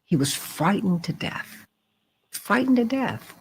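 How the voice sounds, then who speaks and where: Radio talk host lady, super lively pitch, storytelling with feeling. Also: slow pace, creaky, a little hiss or hum, rough recording. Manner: animated storytelling, rising pitch in quotes. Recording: radio broadcast.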